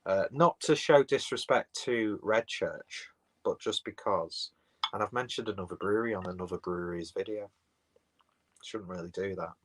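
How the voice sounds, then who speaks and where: Male beer streamer, low-pitched, loose rambling chat, reads comments off his phone. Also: normal speed, fairly bright tone, poor audio. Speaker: beer reviewer live-streaming. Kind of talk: casual live-stream chat.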